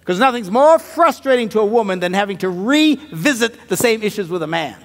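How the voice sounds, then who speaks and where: Sitting high in pitch and sounding gravelly, a pastor-comedian delivers a sermon full of comic stories at a slightly quick clip. He's expressive, muttering asides, then booming out punchlines and chuckling at his own humor.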